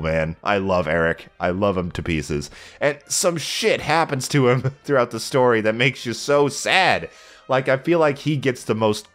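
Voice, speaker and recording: Casting note: low-voiced American man, animated game-review chat, faint music underneath. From United States. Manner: gushing, animated, frequent swearing. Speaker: let's play host. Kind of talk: casual game review monologue.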